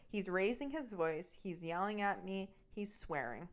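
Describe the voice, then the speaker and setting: A woman hosting her own podcast recounts a personal story, swearing freely and building heat as she goes. Her voice is smooth and clear, sitting at a middle pitch for a woman. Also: expressive. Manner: heavy swearing, fast and heated. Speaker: podcast host.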